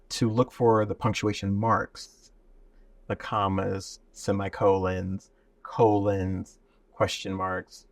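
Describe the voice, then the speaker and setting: A man's voice: on the low side, creaky, dry recording, recorded from a distance. A man teaching speaking and singing in a guest conversation, illustrating points with sung and spoken examples. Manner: demonstrative, shifts into singing to illustrate.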